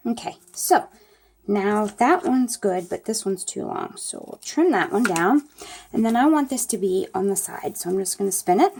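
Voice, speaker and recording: A woman's voice: mid-range voice, big pitch swings, normal speed, vocal fry, darkish tone, breathy edge. A middle-aged woman, chatting folksily to viewers while she demonstrates a paper craft at her table. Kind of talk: casual crafting tutorial.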